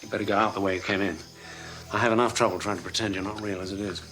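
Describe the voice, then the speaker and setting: An actor playing a weary, exasperated colonial officer in a film clip. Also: male voice, lowish voice, little pitch movement, rapid-fire, fairly bright tone, natural voice. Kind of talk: film dialogue.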